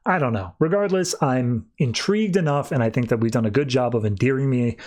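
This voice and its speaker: A man hosting a podcast, recapping a comic book in a casual, animated way and briefly voicing the characters as he goes. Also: mid-range voice. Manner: animated retelling with quick voiced asides. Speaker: podcast host.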